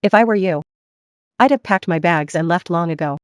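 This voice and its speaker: A woman's voice: on the low side, moderate pace, clear, resonant tone, no echo, lightly acted. A woman voicing a scornful, scheming woman, dismissive and spiteful, in a dry booth. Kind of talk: dubbed drama acting.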